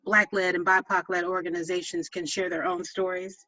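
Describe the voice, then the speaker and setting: An interview host asks questions in a casual, halting way, often restarting phrases and murmuring agreement. The voice sits at a middling pitch over a video call. The audio is dry and somewhat dull. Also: little pitch movement, sharp tone, no room sound. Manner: halting, many restarts and affirming "mm-hmm". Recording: dry, slightly dull lo-fi sound.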